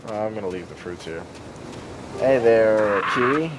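A man's voice: fairly low pitch, lively intonation, normal speed, heavy background noise. A young man giving sarcastic, jokey let's-play commentary, chatting to the game's characters as he plays. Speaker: gaming YouTuber.

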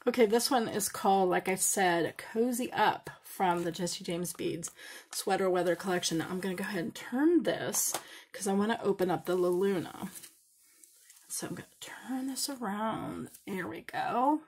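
A woman unboxing beads in a craft vlog, gushing with excited exclamations and now and then dropping to a whisper. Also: mid-range voice, normal speed, slightly rough. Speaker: craft vlogger.

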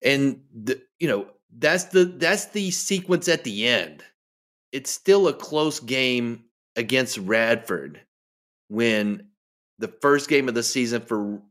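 A man's voice: medium pitch, a bit bright. Rambling, sardonic male sports podcaster. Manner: rambling, sardonic, full of restarts. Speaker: podcast host. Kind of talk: solo sports podcast commentary.

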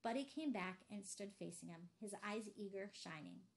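A woman narrating a novel aloud in a steady, measured way. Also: mid-range voice. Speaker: audiobook reader.

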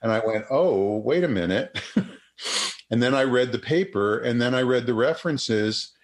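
A man's voice: mid-range voice, expressive, normal speed. An older man, a psychotherapist and researcher, telling a story in an interview with many restarts and acted-out quotes.

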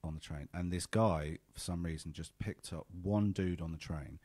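A man from England co-hosting a podcast, telling animated anecdotes in casual chat. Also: low-pitched, moderate pace, no room sound. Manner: animated anecdote-teller, acts out quoted voices. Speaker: podcast co-host.

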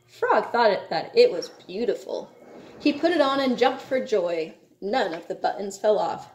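A woman reading a children's storybook aloud in a slow, measured way. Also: mid-range voice, expressive, a little mellow, slight background noise. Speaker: reader. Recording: echoey room.

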